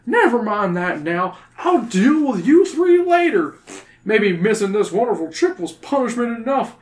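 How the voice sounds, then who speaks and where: An indignant middle-aged teacher delivers a lecture to his students, as a man puts him on. The voice is pushed up high above a plain speaking voice and comes off lecturing and cross. It sits in an echoey room. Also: very animated, normal speed. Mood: scolding.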